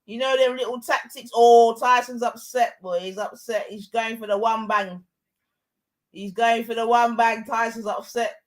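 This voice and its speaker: A young woman, giving excitable, slang-heavy live commentary on a fight and shouting often. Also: a little high, moderate pace. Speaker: watch-along streamer.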